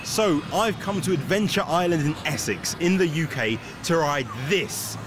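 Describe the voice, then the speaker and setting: A man presenting on location at an outdoor amusement park, excited and animated. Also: on the high side, moderate pace, background noise.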